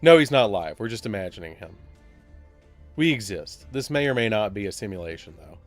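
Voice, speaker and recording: A man's voice: fairly low pitch, big pitch swings, a little fast, no room sound. A man from Alabama with a Southern accent, rambling and joking with his chat while live-streaming a card game. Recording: dry with faint music behind.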